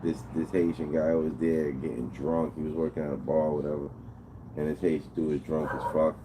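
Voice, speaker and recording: Low-voiced, unhurried man, streamer chatting with chat, slangy and profane, noisy background. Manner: laid-back, profane, slangy. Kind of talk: casual chat reading chat. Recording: steady background noise with vehicle sounds.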